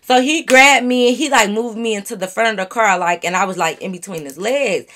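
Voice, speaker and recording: A woman vlogger telling a story straight to her viewers in an animated, profane, casual way. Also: mid-range voice, brisk.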